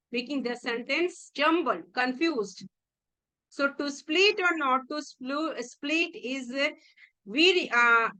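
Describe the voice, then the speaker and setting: A woman with an Indian English accent teaches English grammar for exam prep. Her voice sits high, and she talks patiently, repeating key phrases and restarting words as she explains. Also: sharp tone, rough recording.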